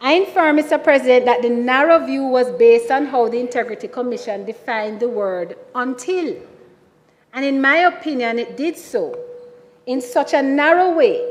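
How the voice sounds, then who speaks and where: Woman, Jamaican accent, senator, formal parliamentary speech, measured, emphatic, slightly high voice, reverberant chamber. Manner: measured and emphatic, repeatedly addressing the chair.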